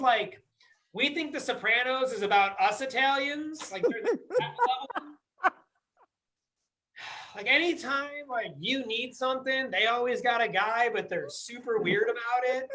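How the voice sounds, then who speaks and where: Young male stand-up, bright tone, casual storytelling, pops into tough-guy impressions. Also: extremely high pitch, low-quality recording. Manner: conversational, acts out voices with a tough-guy swagger. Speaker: stand-up comedian. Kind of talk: stand-up comedy set. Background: audience laughter.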